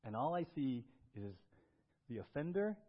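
A man preaching a sermon as pastor, swinging between loud emphatic bursts and quiet, low stretches. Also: sing-song, a little slow, highs cut off.

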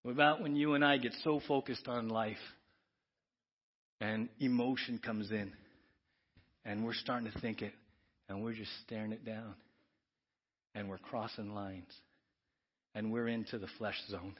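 A man preaching a sermon as pastor, emphatic and earnest, then praying softly. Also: lowish voice, fairly even intonation, unhurried, long pauses. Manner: earnest, emphatic preaching that drops to soft prayer. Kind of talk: sermon with closing prayer. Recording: dull lo-fi church audio.

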